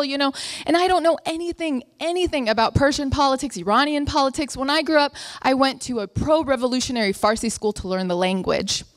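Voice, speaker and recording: A woman's voice: high voice, a little fast. A young woman telling a funny story live, acting out her family members' voices.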